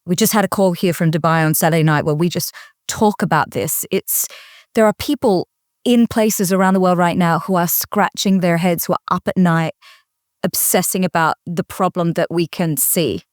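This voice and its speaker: Woman guest speaker, confident, energetic, lowish voice, dry sound. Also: normal speed, no room sound. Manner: energetic, confident, quotable phrasing. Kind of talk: interview conversation.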